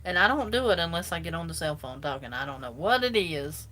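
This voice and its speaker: Speaking briskly with lively intonation, this woman has a lowish, fairly bright voice and a South Carolina Southern accent. She's a vlogger rambling through a casual live chat with viewers, recorded on a phone.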